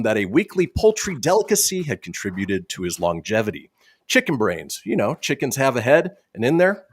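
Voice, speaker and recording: A male radio host reads quirky news stories and slips jokes in between them. His pitch swings widely as he talks. The sound is dry and close to the mic. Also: no room sound. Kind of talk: reading news stories on a comedy talk show.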